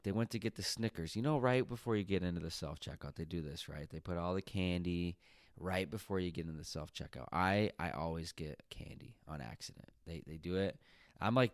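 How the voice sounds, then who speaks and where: A low-pitched man hosts a solo podcast and talks loosely and conversationally. He meanders through his story with fillers and side comments. The sound is close and dry, with no room around it. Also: dry recording. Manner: chatty, rambling with fillers and asides. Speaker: podcast host.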